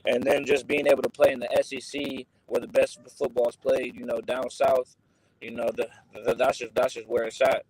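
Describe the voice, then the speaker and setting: A teenage boy answering interview questions in a laid-back, halting way, with many restarts. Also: mid-range voice, level tone, a little mellow, husky, no room sound, low-quality recording. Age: teens. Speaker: guest, high school football recruit.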